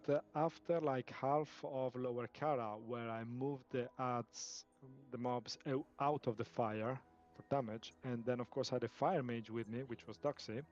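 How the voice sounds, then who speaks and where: A man leading a game raid over voice chat, chatty and teasing, giving quick instructions to his team. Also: medium pitch, lo-fi sound. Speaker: raid leader. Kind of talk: casual voice chat while gaming.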